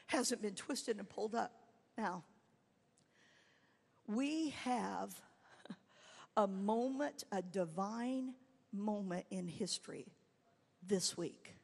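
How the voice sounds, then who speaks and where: A woman evangelist preaching a sermon, telling her story with swings from quiet asides to loud, shouted climaxes. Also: medium pitch, slow pace, vocal fry, long pauses, breathy edge. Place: church camp meeting hall. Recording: long hall reverb.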